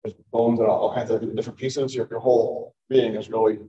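A man teaching a sermon as a pastor, in a measured, halting way. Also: medium pitch, level tone, crowd noise. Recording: roomy, distant, dull recording.

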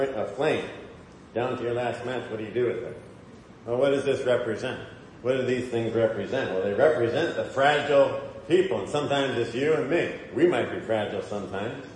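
A man's voice: mid-range voice, darkish tone, slight background noise. A man giving a conversational sermon in a church hall, often putting questions to the congregation. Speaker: preacher. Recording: echoey hall, faint ambience.

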